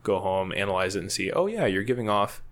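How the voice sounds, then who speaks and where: A field scientist guesting on a podcast tells a casual, rambling story packed with fillers and frequent laughter. His voice is fairly low and a bit bright, swinging widely in pitch, and he talks fast.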